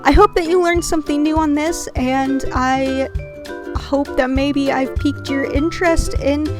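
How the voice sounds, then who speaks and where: A woman's voice: high voice, steady tone, a little slow, music in the background. A woman hosting her channel, reading a scripted educational narration earnestly and dropping in casual slangy asides. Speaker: channel host.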